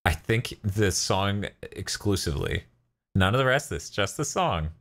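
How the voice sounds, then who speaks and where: A man co-hosting a casual gaming podcast, animated, often laughing and slipping into silly voices. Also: on the low side, normal speed. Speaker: podcast co-host.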